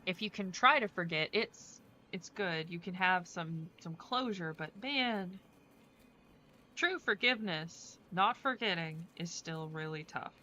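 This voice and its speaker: A woman's voice: fairly low pitch, lively intonation, measured pace, sharp tone, highs cut off. A woman streaming a game, chatting casually in a rambling way full of fillers. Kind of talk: casual chat while playing a game.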